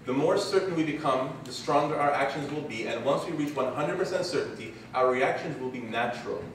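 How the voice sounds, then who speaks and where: A man's voice: medium pitch, fairly quick. A man delivers a religious talk to a conference crowd, acting out his examples as he goes. His voice sits in the middle range and sounds far from the mic, with heavy hall echo and a faint hum of ambience behind it. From Canada. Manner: lively storyteller acting out examples. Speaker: conference speaker. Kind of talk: religious lecture.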